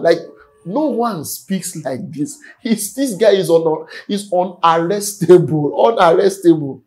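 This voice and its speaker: A man's voice: fairly high pitch, animated, measured pace, a little mellow, low-quality recording. A man preaching a sermon earnestly, often repeating his words. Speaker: pastor. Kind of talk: sermon teaching.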